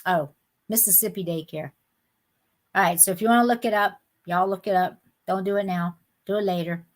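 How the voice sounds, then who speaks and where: A woman's voice: medium pitch, steady tone, normal speed. A middle-aged woman, chatting with viewers by name while hosting a live sale, indignant and talkative. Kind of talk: casual live-stream chat.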